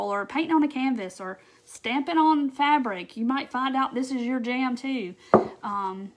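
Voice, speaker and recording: A woman hosting a casual craft live stream, chatting to viewers in a bubbly way with lots of fillers. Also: fairly high pitch. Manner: chatty and bubbly, with frequent fillers and quoted asides.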